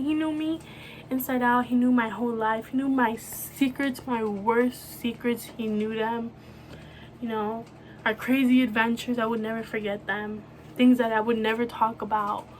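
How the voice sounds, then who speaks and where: Young woman, higher register, soft halting delivery with lots of fillers; personal vlog to camera, light background hiss. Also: fairly even intonation. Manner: soft, halting, full of fillers like "you know". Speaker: vlogger. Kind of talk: emotional personal talk to camera.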